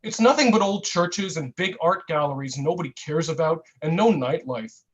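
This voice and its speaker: A man at an online open mic, reading a comic piece in a mock-earnest, satirical way and drawing out his deadpan asides. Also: fairly high pitch, moderate pace, lo-fi sound. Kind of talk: comic spoken-word reading.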